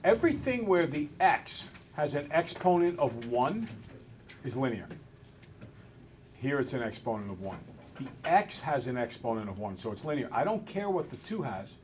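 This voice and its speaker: A male math teacher in a classroom, relaxed and a little self-deprecating, talking through each step aloud. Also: medium pitch, moderate pace, a little hiss or hum. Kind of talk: classroom lesson. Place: school classroom with students.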